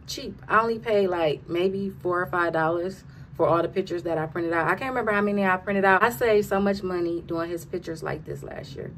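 A woman's voice: lowish voice, a little fast, a bit bright. A woman chatting to her viewers in a casual vlog, talking to them as "y'all" while she walks through a big store with her phone. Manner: chatty, talks straight to the viewers with lots of "y'all". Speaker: vlogger. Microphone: phone held in hand. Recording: phone audio with clear background noise.

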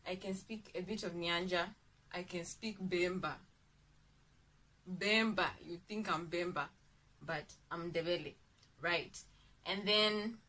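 A woman's voice: medium pitch, sharp tone. A young woman from Zambia chatting casually to camera on her vlog, playful and full of asides. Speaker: YouTuber.

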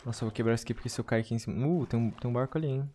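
A man with a Brazilian Portuguese accent talks casually to his viewers during a game livestream. His English comes in halting bits, with words repeated and restarted, at a mid pitch. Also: dark tone. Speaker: streamer. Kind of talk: casual gaming livestream chat.

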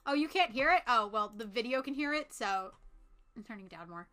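A woman's voice: on the high side, animated, fairly quick, a bit bright. A young woman co-hosting a game let's play, giggling a lot and gushing over the characters. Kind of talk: casual gaming chat.

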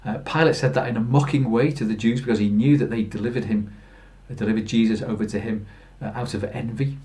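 A man's voice: fairly low pitch, steady tone, fast, darkish tone. A man preaching a Good Friday sermon in plain storytelling, earnest, with fillers and restarts. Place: church.

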